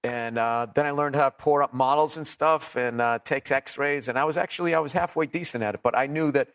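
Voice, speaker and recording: A man, a comedian guest in an interview, telling profane, animated stories and acting out quotes. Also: mid-range voice, brisk. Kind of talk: storytelling interview.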